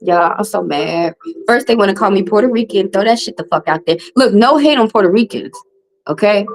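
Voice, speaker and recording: This rough recording captures a tarot reader on a live stream, talking fairly quickly and expressively. She vents to her audience in a blunt, foul-mouthed way, her voice rising in pitch.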